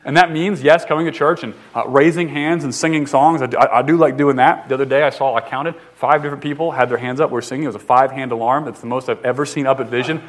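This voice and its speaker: A man's voice: mid-range voice, steady tone, fast, hardly any pauses. A man in his thirties from the northern US, a pastor preaching a conversational, jokey sermon with frequent restarts. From northern United States.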